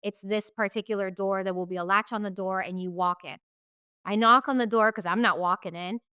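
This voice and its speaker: A woman's voice: medium pitch, fairly even intonation, fairly quick, sharp tone, clean tone, no echo, studio quality. A young woman candidly recounting her own story in an interview, swearing freely and acting out what others said. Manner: candid, swears freely, acts out quoted voices. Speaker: guest telling her life story.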